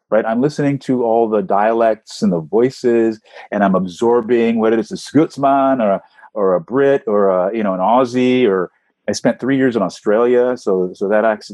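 A male voice actor, appearing as an interview guest, chats casually and tells animated stories, swooping his pitch upward for emphasis. There is no echo on the recording.

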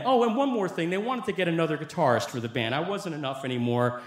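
A man with a rather high voice spins a personal story to a live audience, easy and chatty with rueful asides. He is from Long Island. His voice echoes through the room. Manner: conversational, animated, with rueful laughs. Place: club stage before an audience.

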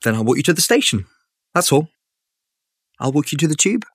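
A man's voice: mid-range voice, brisk, dark tone, breathy edge, no room sound, studio quality, voice pushed up, close to an everyday voice. A man doing a nervous, pushy date. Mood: insistent. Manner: nervous, insistent.

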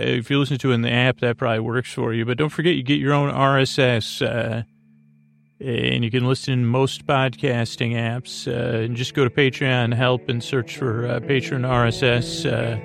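Creaky-voiced man hosting a bedtime podcast. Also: mid-range voice, level tone, moderate pace, soft background music. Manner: meandering, soft and drowsy. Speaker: podcast host. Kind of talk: rambling bedtime podcast intro.

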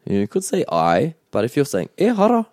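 Man, lowish voice, as a patient language teacher who repeats words slowly. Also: big pitch swings, darkish tone, dry recording, clean studio sound. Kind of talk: bilingual language lesson chat.

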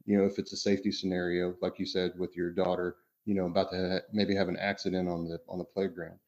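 A low-voiced man co-hosting a casual podcast, talking in long rambling stretches full of "you know" and restarts. The sound is a bit dull and lo-fi. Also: flat delivery, quick pace, darkish tone. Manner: rambling, many fillers and restarts. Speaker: podcast co-host.

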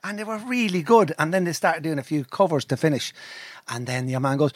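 A middle-aged Irish man telling a rambling, animated, sweary story in a casual chat. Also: fairly high pitch, a little fast, no echo. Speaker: podcast storyteller.

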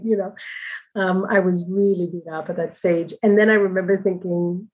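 A woman's voice: mid-range voice, fairly even intonation, a little fast, darkish tone, rough recording. Candid woman telling a personal story. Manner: candid and chatty, laughing often, frequent asides and fillers. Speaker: mother telling her birth story.

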